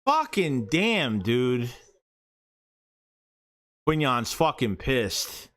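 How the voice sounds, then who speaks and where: Swearing, excitable male fan streamer. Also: mid-range voice, extremely slow. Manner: profane, excitable, yells at bad plays. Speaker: fan streamer calling the game. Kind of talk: live fan reaction play-by-play.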